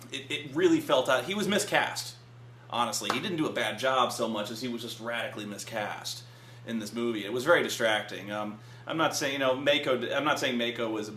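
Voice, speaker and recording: A man co-hosting a casual film review, rambling and swearing, acting out movie scenes with loud yells. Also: mid-range voice, roomy sound, slight background noise.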